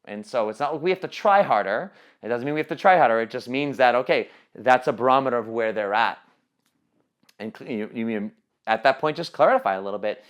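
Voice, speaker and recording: A man's voice: mid-range voice, expressive, fairly quick, clear, resonant tone, highs cut off. A man leading a training call on coaching sales, talking casually with many fillers and restarts. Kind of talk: teleconference training talk.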